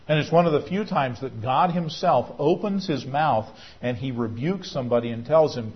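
A man's voice: fairly high pitch, lively intonation, a little slow, hardly any pauses, husky. A male pastor preaching a sermon in an earnest, explanatory way, sometimes restarting his words. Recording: dull lo-fi recording.

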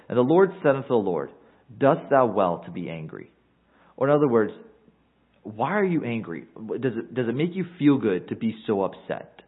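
A man's voice: mid-range voice, slightly rough. A man preaching an earnest expository sermon, reading scripture aloud and explaining it to his listeners. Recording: tinny phone-like recording.

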